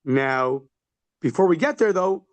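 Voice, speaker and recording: A man teaching a daily Talmud class, quoting Aramaic phrases and explaining them in casual English, with animated questions and short laughs. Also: fairly high pitch, a little slow, dry recording. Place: class held in person and over a video call.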